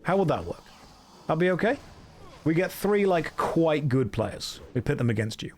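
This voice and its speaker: A man's voice: fairly high pitch, sing-song, normal speed, background noise. A man in his thirties chatting casually and joking with his chat while streaming a game. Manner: joking, self-mocking storyteller reacting to chat.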